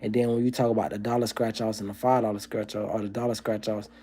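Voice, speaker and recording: A man's voice: on the low side, level tone, fast, mellow. Profane, ranting man on a livestream. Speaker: livestream host. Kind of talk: casual livestream chat and comedy.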